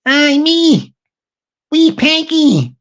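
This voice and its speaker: A woman's voice: high-pitched, sing-song, extremely slow, pitched above the performer's own voice, full character voice. A woman putting on a cheeky, tough Glaswegian woman with a Glaswegian accent, teasing and mock-threatening. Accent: put-on Glaswegian Scottish. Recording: dull lo-fi stream audio.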